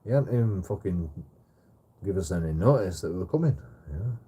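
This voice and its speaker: A man's voice: low voice, lively intonation, a little fast, dark tone, slightly rough. A young man telling a rambling story on a livestream, swearing often, stammering and restarting his sentences.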